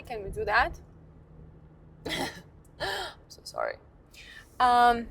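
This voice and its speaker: A young woman tells a story to her phone camera while she drives. She talks in a slow, unhurried way with a slightly high voice, laughs at herself and swears freely. A faint hum of noise sits behind her. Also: bright, forceful tone. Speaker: vlogger. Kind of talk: storytime vlog. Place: inside a car, driving.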